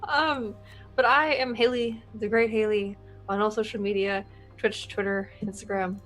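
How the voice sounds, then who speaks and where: A woman's voice: mid-range voice, steady tone, normal speed, a bit bright, soft background music, low-quality recording. A woman player and streamer chatting casually after a game, bubbly, rambling and effusive. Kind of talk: casual post-game chat.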